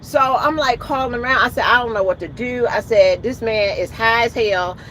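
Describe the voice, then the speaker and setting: A woman's voice: fairly high pitch, moderate pace, fairly bright tone, slight background noise. A woman truck driver, ranting in a vlog and retelling her conversations with emphatic, indignant outbursts. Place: in or by a truck at a roadside.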